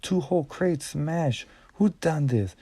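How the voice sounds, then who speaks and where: A man voicing a gruff, bossy male team leader who scolds and shouts at his workers. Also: on the low side, moderate pace. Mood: angry shouting.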